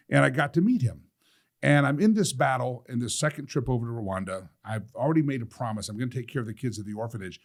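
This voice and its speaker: A middle-aged man in a sit-down talk, telling a personal story with animated quoting of other people. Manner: lively, quotes others with changes of pitch and loudness, laughs often. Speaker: guest telling his story.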